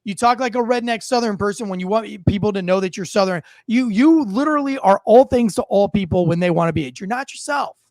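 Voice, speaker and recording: A man with a very high-pitched voice rants as podcast host, heated and profane. He stumbles and repeats himself as he works himself up. The sound is dry and close. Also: fairly quick, hardly any pauses, darkish tone, dry recording. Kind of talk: ranting commentary.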